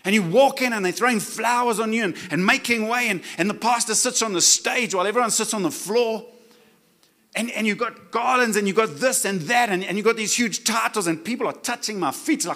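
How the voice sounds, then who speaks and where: A male preacher with a high, ringing voice and a bright, forceful edge. He preaches with emphasis and often pauses to get the congregation to say key words back to him. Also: animated. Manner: emphatic, asks the crowd to repeat words. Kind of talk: sermon.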